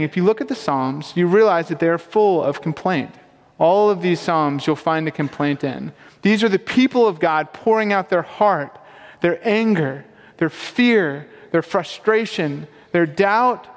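High-voiced earnest preaching man. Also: in a large hall. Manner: earnest, emphatic preaching with rising questions. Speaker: pastor. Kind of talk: sermon.

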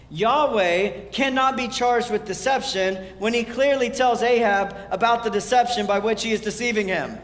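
A man gives a relaxed, chatty sermon, retelling old scripture in modern everyday language. His voice sits high for a man. He is recorded in an echoey church hall, and the reverb trails long behind his words. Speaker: pastor. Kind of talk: casual sermon.

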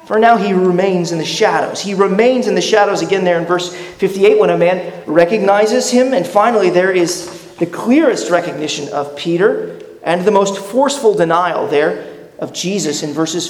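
A man preaching a sermon as pastor, earnest and questioning, often restarting his words. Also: high-pitched. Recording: echoey hall reverb.

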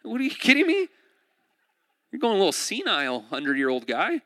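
A man voicing a panicked young man tied to an altar, yelling in shrill, incredulous outrage. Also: wildly swooping pitch, a little fast, no room sound, clean studio sound, exaggerated voice.

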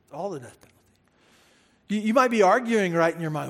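A man preaching a sermon as pastor, emphatic and animated, repeating words for stress and speaking straight to the congregation. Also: high-pitched, brisk. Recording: hall reverb.

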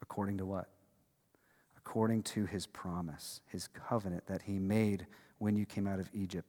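A man preaching a sermon as pastor, conversational and emphatic, dropping from loud bursts to hushed lines. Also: mid-range voice, lively intonation, brisk. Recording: long reverb of a large hall.

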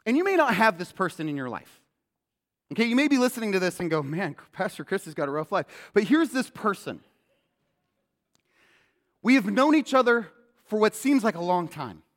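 A man preaching a sermon as pastor, animated and acting out quoted lines in a loud voice. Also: sits high, normal speed, long pauses. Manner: animated, acts out quotes loudly. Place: church sanctuary. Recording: long hall reverb.

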